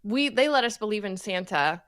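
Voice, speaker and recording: A woman in her thirties co-hosting a podcast, telling stories in lively, animated casual chat and laughing often. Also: medium pitch, normal speed, no room sound. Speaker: podcast co-host.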